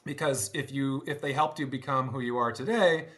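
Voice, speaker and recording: A middle-aged man speaking as an interview guest, telling stories in a casual, animated way, laughing often and restarting his sentences. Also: mid-range voice, normal speed. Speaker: guest, former band drummer. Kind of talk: casual conversational storytelling.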